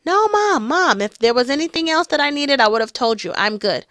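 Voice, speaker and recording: A woman voicing her excited seventeen-year-old son, pleading and enthusiastic, inside her own story. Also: high-pitched, brisk, no echo, clean studio sound, voice pushed up. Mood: eager.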